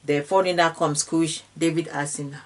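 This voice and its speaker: A woman's voice: low voice, steady tone, normal speed. A woman retelling a Bible story in an informal way, with fillers and restarts, slipping into the characters' speech. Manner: slips into the characters' speech when quoting. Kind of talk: casual retelling of scripture.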